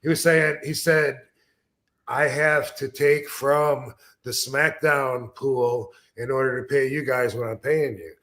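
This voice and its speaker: A man's voice: mid-range voice, fairly even intonation, takes it slowly, a bit bright. Man hosting a casual podcast chat. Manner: conversational, rambling storytelling. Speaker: podcast host.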